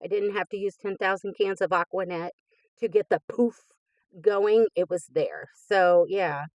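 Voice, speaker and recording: A woman's voice: medium pitch, fairly even intonation, unhurried, darkish tone, no room sound. A woman in her fifties hosting a crafting channel, gushing with enthusiasm as she opens happy mail in casual chat. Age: 50s. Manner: gushing and enthusiastic, frequent laughs.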